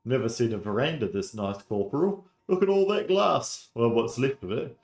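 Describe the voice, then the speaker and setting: A man's voice: fairly high pitch, normal speed, creaky, reverberant, pitched above the performer's own voice. A man voicing an eager, cheeky young male army private.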